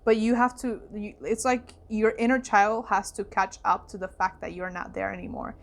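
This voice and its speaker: A young woman reads tarot cards in a loose, chatty way, full of fillers and exclamations. Her voice is of middling pitch and often falls to a soft, hushed aside when she gets emotional. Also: normal speed. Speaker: psychic tarot reader. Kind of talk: casual spoken card reading.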